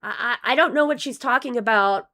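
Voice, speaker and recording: Rambling, profane woman streamer, voice going hoarse. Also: a little high, a little fast, bright, forceful tone. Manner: rambling, profane, with many restarts. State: losing her voice. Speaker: live streamer reading donations. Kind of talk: casual live-stream commentary.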